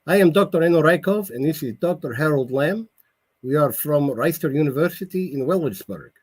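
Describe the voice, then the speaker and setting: A man's voice: fairly high pitch, expressive, brisk, husky, pitched above the performer's own voice. A man doing a formal woman professor.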